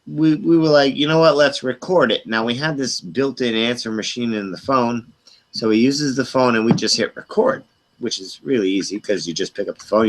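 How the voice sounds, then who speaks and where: A middle-aged man on an open group call, casually telling a long, profane, animated story with quoted voices. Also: medium pitch, slight background noise, poor audio. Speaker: hangout participant.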